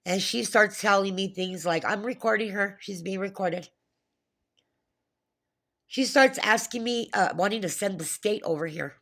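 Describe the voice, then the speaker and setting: A woman vlogger talks to camera in a casual monologue, her voice medium-pitched, a bit bright, and measured in pace. Agitated and profane, she retells a phone call, restarting many times.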